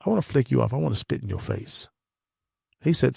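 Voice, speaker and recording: A man telling a painful personal story as an interview guest, earnest and halting, often repeating words as he goes. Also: mid-range voice, creaky, darkish tone, slightly rough, dry recording, studio quality.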